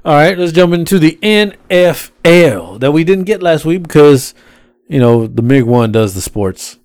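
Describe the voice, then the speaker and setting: Male co-host, rideshare anecdotes, slightly high voice, relaxed delivery, casual swearing. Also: moderate pace. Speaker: podcast co-host; rideshare driver. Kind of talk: casual chat.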